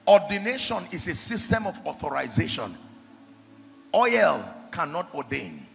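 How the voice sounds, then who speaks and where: Gravelly, high-pitched shouting preacher. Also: male voice, sing-song, unhurried. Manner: shouting and sing-song preaching. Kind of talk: impassioned sermon. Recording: echoey hall with faint music.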